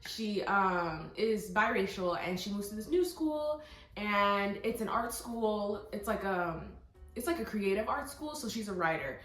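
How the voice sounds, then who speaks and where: A young woman chats excitedly about books she loved, gushing and tossing in quick asides and fillers. Her voice sits at an ordinary pitch for a woman. The room rings with noticeable echo, and faint music plays behind her. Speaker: book vlogger. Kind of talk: casual book review chat.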